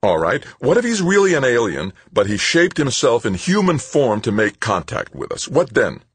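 A man's voice: mid-range voice, wildly swooping pitch, normal speed, breathy edge, pitched above the performer's own voice. A man voicing a younger man under interrogation, heated and incredulous, in an audiobook. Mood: agitated.

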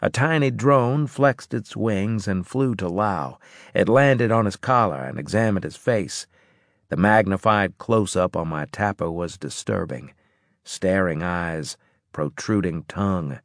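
A man reading a first-person science fiction audiobook in a gruff, clipped way. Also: sits low, measured pace, no room sound, clean studio sound. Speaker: audiobook narrator.

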